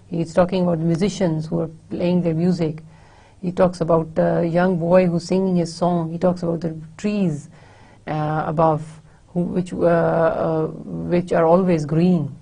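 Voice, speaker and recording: Husky, low-toned woman giving a poetry lecture. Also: mellow. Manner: explains slowly, repeats and rephrases lines. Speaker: university lecturer.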